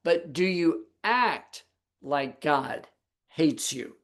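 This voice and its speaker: Slow, deliberate male Bible teacher. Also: on the high side, animated. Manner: deliberate, rhetorical questions to listeners. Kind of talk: Sabbath teaching on a video call. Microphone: video call.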